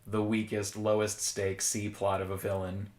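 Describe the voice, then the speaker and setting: A man's voice: on the low side, monotone, moderate pace, a little mellow, roomy sound. A man co-hosting a podcast, reviewing a movie in casual chat with a wry, sarcastic manner and frequent laughs. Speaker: podcast co-host.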